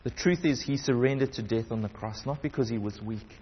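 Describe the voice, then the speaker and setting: A man preaching a sermon, reading scripture aloud and swinging between raised emphasis and hushed, quiet passages. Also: mid-range voice, brisk, in a large hall, dull audio, a little hiss or hum. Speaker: pastor.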